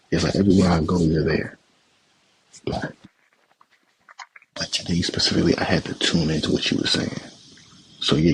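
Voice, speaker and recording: A man's voice: sits low, vocal fry, breathy edge, rough recording. A young man hosting a podcast, delivering a heated sports rant that repeats itself and turns to swearing. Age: young adult. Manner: heated, repetitive, swears when upset. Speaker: podcast host. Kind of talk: ranting sports commentary.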